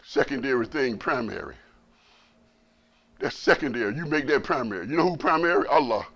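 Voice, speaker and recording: A man preaching a Friday sermon as imam, blunt and colloquial, repeating words for emphasis and swinging from loud preaching to low asides. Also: expressive, a little fast, gravelly, slightly rough, lo-fi sound.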